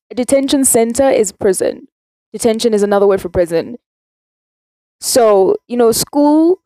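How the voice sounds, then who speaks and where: A woman's voice: a little high, dark tone, no room sound. A teenage girl from South Africa hosting her own podcast, rambling and contradicting herself in a casual rant. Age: teens. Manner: rambling, self-contradicting, chatty. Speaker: podcast host.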